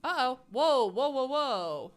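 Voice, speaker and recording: A woman's voice: high-pitched, very animated, slow. A woman live-streaming a game, with playful, sarcastic commentary and plenty of swearing. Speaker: gaming streamer.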